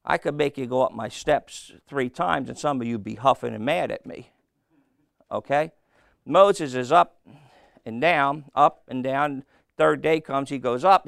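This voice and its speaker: Slow gravelly preacher man. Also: on the high side, fairly bright tone, no room sound, studio quality. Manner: slow, call-and-response questions to the congregation. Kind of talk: sermon.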